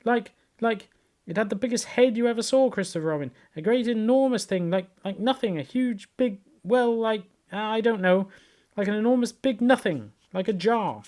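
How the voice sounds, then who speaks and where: A man voicing a tiny, timid male piglet in a storybook read-aloud, squeaky, breathless and stammering. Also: moderate pace, creaky, a bit bright, heavily acted. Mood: panicked.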